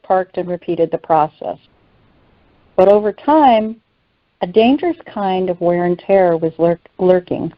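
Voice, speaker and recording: A woman reads a devotional teaching in an earnest, measured way. Her voice sits mid-range for a woman. The sound is dry and a little muffled. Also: medium pitch, no echo. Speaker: teacher on a faith call.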